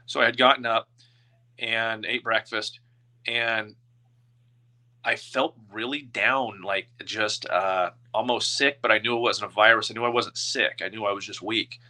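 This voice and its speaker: Guest: man in his 30s, lowish and very bright voice, open and halting, emotional. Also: fairly even intonation. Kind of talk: personal storytelling in an interview.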